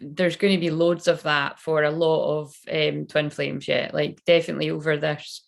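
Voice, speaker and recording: Reading tarot on a relaxed livestream, a young Scottish woman talks in a deep, level voice at normal speed with vocal fry. She chats and rambles, letting the odd swear word slip.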